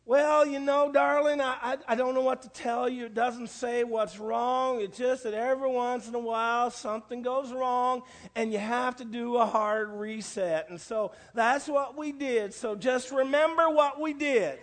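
A man's voice: very high voice, a little slow, hardly any pauses. A preacher voicing a sweet Southern help-line lady. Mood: soothing. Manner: sweet, calm, calls people darling and honey. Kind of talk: sermon anecdote.

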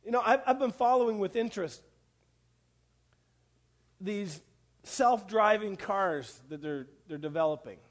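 High-voiced joking preacher. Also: male voice, unhurried, pauses often. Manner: folksy storytelling with jokes and repetition for emphasis. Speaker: pastor. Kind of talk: sermon.

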